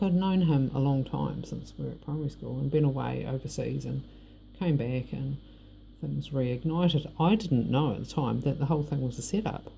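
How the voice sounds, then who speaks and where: A middle-aged woman with a New Zealand accent tells a personal story straight to camera. Her voice is very dark and mellow with a gravelly rasp, and she talks bluntly and rambles. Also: very deep voice, a little hiss or hum. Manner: blunt, rambling, frank with swearing. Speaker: vlogger. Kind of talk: personal monologue.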